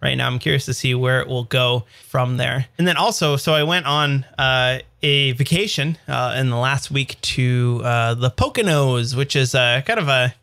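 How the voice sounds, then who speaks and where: Podcast co-host, man, thirties, crisp tense tone with fry, casual and full of restarts. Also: mid-range voice, normal speed, few pauses, bright, forceful tone. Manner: rambling storyteller with many fillers and restarts. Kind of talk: casual chat.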